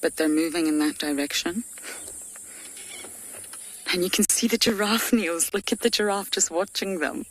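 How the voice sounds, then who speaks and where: A woman's voice: on the low side, moderate pace, pauses often. Chatty woman safari guide, noisy bush. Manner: chatty, animated, laughs often. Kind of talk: live game drive commentary. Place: open safari vehicle outdoors in the bush. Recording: noisy outdoor broadcast, vehicle and ambience.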